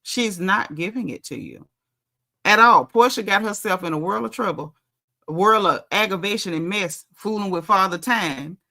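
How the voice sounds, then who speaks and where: A woman's voice: mid-range voice, animated, normal speed, creaky, bright, forceful tone. A woman giving a casual, opinionated recap of a reality TV show, speaking bluntly with lots of slang.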